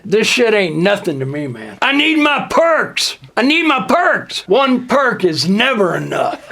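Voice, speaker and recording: A young man delivering an absurd, deadpan, boastful comedic monologue in the manner of a rap persona. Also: high-pitched, vocal fry. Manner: deadpan boastful non sequiturs, slow drawl.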